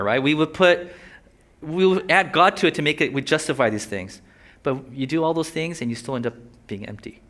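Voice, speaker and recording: Lisping preacher, bright and casual. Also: male voice, a little high, normal speed. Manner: conversational, joking asides, voices inner thoughts. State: slight lisp from a sore tongue. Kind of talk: sermon.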